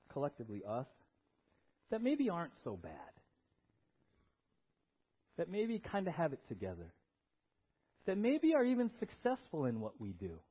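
A male pastor preaches with a high voice and big, swinging intonation. He is emphatic and asks the congregation questions. The church recording is dull and lo-fi. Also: slightly rough. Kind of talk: sermon.

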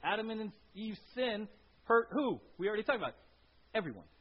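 A male pastor giving a conversational sermon with an animated delivery, often checking in with the congregation by asking "right?". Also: sits high, brisk, breathy edge. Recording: dull lo-fi recording with faint hiss.

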